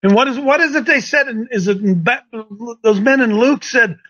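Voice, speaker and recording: Emphatic high-voiced folksy male preacher. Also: normal speed, fairly bright tone, highs cut off. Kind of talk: sermon.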